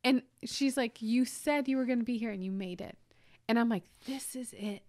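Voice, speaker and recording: Animated woman telling a parenting story. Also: a little high, normal speed, no echo, clean studio sound. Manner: emotional, animated storytelling with many restarts. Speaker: podcast co-host. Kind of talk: casual storytelling chat.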